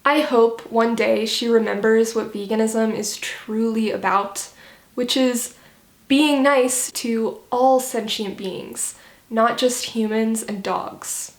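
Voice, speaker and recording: Woman vlogger, pointed and sarcastic commentary, slightly high voice, echoey room. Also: steady tone, slow pace. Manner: critical, sarcastic, explanatory. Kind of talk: scripted video commentary.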